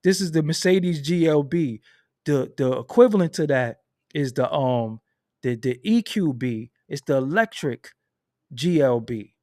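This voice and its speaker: Animated Brooklyn man with a profane streak. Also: on the high side, measured pace, no echo, studio quality. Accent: New York (Brooklyn). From Brooklyn, New York. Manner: animated, profane, streetwise storytelling. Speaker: channel host. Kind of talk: casual commentary monologue. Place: at home at his computer.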